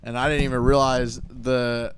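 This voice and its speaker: A man's voice: mid-range voice, level tone, moderate pace, background noise. A young man co-hosting a podcast, telling a story with wry humour and mocking the people he quotes. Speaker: podcast co-host. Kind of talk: casual chat.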